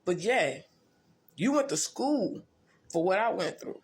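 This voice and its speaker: A woman's voice: mid-range voice, lively intonation, measured pace. A woman tells her life story in a blunt, profane, rambling way, often restarting and repeating herself. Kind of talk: casual storytelling monologue.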